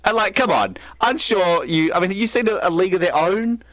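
A man's voice: high-pitched, animated, fairly quick, over a noisy crowd. A man co-hosting a podcast, chatting casually and animatedly through a film commentary, rambling with lots of restarts. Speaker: podcast co-host.

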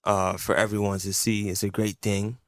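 A man co-hosting a boxing talk show, speaking in a measured way. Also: lowish voice, flat delivery, fairly bright tone, no room sound, clean studio sound. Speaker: podcast co-host, boxer. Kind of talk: casual chat.

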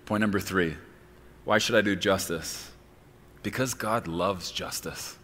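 Pastor guy preaching hard, bright punchy voice, shouts big words, long church echo. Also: low voice, a little slow, a little hiss or hum. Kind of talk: sermon.

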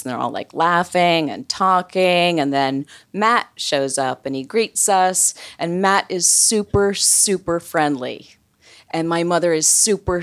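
A woman telling a funny personal story in a chatty way, full of "like" fillers. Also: sits low. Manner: chatty, comic, many "like" fillers.

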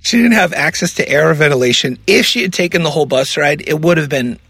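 A man hosting a casual podcast, reading out story details and reacting in animated chat. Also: a little high, fast talker, creaky, husky, dry recording, faint music behind. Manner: reads out news details, animated. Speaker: podcast host.

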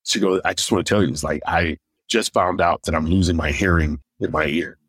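A stand-up comedian from Michigan telling personal stories in an interview and acting out what other people said. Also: male voice, deep voice, fairly quick, breathy edge, no echo. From Michigan, USA. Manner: animated anecdotes, acting out others' lines; deaf in one ear. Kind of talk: storytelling in a podcast interview.

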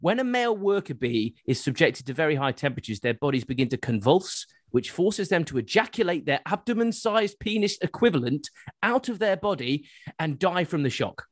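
A man hosting a casual podcast, reading odd news stories aloud with an animated, laughing delivery. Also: on the high side, a little fast, dry recording, clean studio sound. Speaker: podcast host.

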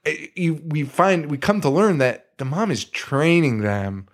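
A man co-hosting a podcast, casually retelling a film scene with excitement, swearing and laughing. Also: on the high side, a little slow. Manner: excitable retelling, swearing, putting on silly voices. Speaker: podcast co-host. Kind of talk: casual film-review chat.

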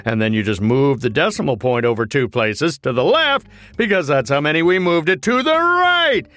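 A man's voice: fairly high pitch, big pitch swings, normal speed, fairly bright tone, no room sound. An actor playing a grumpy, impatient adult man who curtly explains math in a cartoon. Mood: lecturing. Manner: impatient, curt, know-it-all. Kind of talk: cartoon voice acting.

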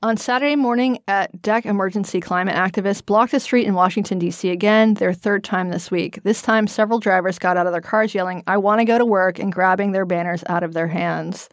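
A woman co-hosts a casual podcast in a blunt, salty way, swearing freely and laughing easily. Her voice sits in an ordinary middle pitch. The sound is close and dry, with no room in it. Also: steady tone, brisk, hardly any pauses, no room sound. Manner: blunt and profane, laughs often. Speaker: podcast co-host.

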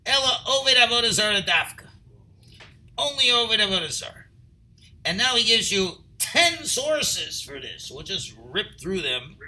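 Torah teacher, high ringing voice, bright, translates line by line, punches key points loudly. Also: male voice, very animated, measured pace, low-quality recording. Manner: reads Hebrew phrases then translates, rising to near-shouting emphasis. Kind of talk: text study class, reading and translating.

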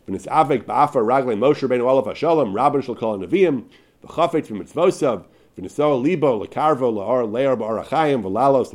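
Animated man teaching a Torah class. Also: medium pitch. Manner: emphatic, with many restarts and repeated words. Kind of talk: Torah class, reading and explaining a text.

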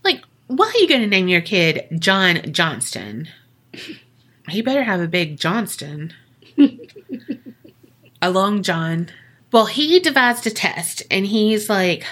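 A woman hosting a podcast, telling a ghost story in a loose, chatty way. She jokes and swears through her asides. Her voice is bright and forward, and she takes her time. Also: medium pitch, very animated. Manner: profane, jokey retelling with quick asides. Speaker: podcast co-host. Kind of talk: casual storytelling chat.

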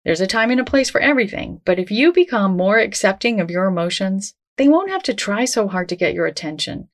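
A woman hosting a self-help podcast, talking in a gentle, reassuring, conversational way. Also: mid-range voice, expressive, brisk. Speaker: podcast host.

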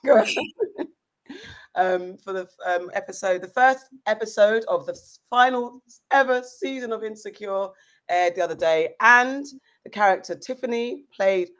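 Woman host rambling thru a casual chat, animated, keeps restarting sentences. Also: medium pitch, measured pace.

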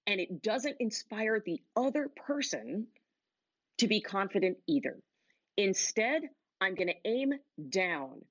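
A woman speaker coaching an audience on negotiation from a stage, in a motivational talk with punchy phrasing and deliberate pauses. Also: mid-range voice, expressive, fairly bright tone, no room sound, muffled recording.

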